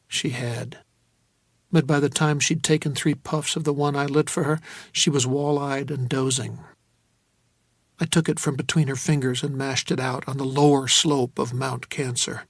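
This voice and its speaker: A man narrating a novel in the first person, in a steady, wry, dry manner. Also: mid-range voice, normal speed, gravelly, no room sound. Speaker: audiobook narrator.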